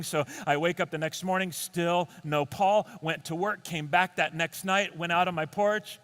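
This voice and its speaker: A male comedian tells a story on stage with a high, bright voice. His delivery is animated and full of quick restarts. The tone is sharp and lively. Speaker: stand-up comedian. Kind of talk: comic storytelling.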